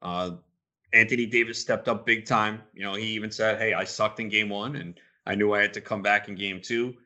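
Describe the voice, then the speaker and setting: A man hosting a sports betting podcast, talking in an opinionated, rambling way that gets animated when he's riled up. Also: fairly low pitch, fairly quick. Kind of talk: casual podcast talk.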